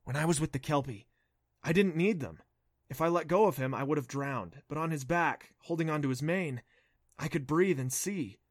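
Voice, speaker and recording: An earnest, stubborn boy, as a man reads him in a storybook, pressing his point in a defiant way. The voice sits a little high and dry, close to the mic. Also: normal speed, no echo, close to an everyday voice. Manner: insistent, defiant.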